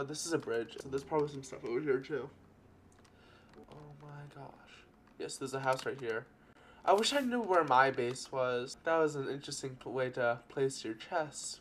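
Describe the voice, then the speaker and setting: A young man giving casual gameplay commentary, excitable and gushing with nostalgia as he talks. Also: medium pitch. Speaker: gaming youtuber. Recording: game music playing behind the voice.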